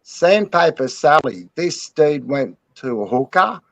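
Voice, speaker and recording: A man tells a joke slowly and at ease, his voice rising and falling widely as he drawls through it. The sound is dry and close. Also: a little high, sing-song, no echo. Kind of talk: casual joke telling.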